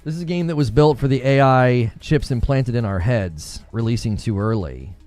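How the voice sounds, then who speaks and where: A man's voice: mid-range voice, moderate pace, a little mellow, dry recording, faint music behind. A man streaming live, chatting with viewers and laughing often as he acts out mock dialogue. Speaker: gaming streamer.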